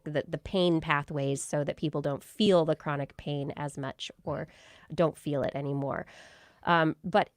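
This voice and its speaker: A woman with a low, smooth and resonant voice talks through a research study on a science podcast. She explains things casually, often restarting her sentences and using fillers. The sound is dry and close. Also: darkish tone, dry recording. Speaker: podcast co-host.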